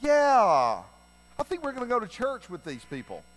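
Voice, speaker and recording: A man voicing jubilant townspeople who exclaim loudly, in a high voice and at a rapid pace. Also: huge pitch swings, in a large hall, heavily acted, poor audio. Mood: excited. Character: jubilant excited townspeople crowd.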